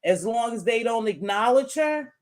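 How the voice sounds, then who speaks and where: A woman hosting a relaxed group conversation, telling stories and acting out what people said in lively quoted voices. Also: fairly high pitch, moderate pace. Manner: animated storyteller acting out quotes. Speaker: host. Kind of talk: casual chat.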